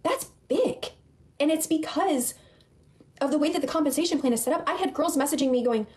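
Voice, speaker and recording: A young woman with a fairly high voice delivering a fired-up sales pitch to her team. She repeats her points, calls out to the group again and again, and leans hard on her claims. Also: a little fast, darkish tone. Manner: emphatic, repetitive, addresses listeners as "you guys". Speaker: network marketing recruiter.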